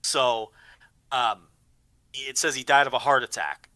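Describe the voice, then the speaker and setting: A man's voice: mid-range voice, steady tone, a little slow, pushed and bright, no echo. A man on a podcast, chatting casually and rambling, repeating words as he thinks. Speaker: podcast co-host. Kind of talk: casual chat.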